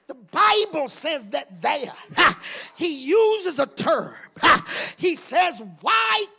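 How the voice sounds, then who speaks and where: A man preaching a whooping sermon, chanting and shouting, with a gasped "ha" after every phrase. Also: very high voice, sing-song, takes it slowly, vocal fry.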